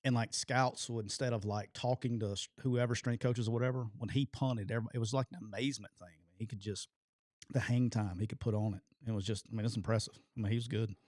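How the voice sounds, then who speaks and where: A man, a podcast co-host and former football coach, telling a story in casual chat, acting out quotes loudly and laughing often. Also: on the low side, steady tone, fast talker, no echo, clean studio sound.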